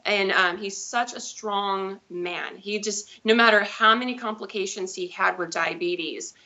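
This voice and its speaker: On dull, lo-fi audio, a diabetes advocate in her thirties speaks as a live interview guest, recounting her own story. She's chatty and rambling with self-corrections, and her medium-pitched voice is unhurried with a sharp tone.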